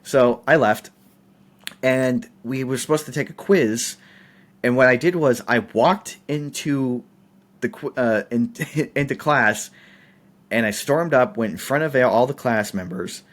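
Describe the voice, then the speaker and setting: A young adult man, a podcast guest, telling a story in a casual, emphatic and animated way, with many fillers. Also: medium pitch, a little slow.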